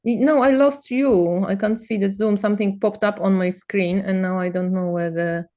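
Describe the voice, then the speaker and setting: A woman's voice: medium pitch, steady tone, normal speed, warm tone. A woman chatting casually on a video call, teasing a friend, swearing freely and laughing often. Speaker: co-host.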